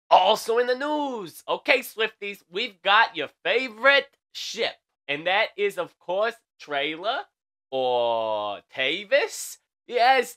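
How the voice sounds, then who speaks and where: Young man, late-night comedy news host, campy, sassy, bright sharp tone. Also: sits high. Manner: sassy and campy, tags lines with "okay?". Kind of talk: comedic celebrity news monologue.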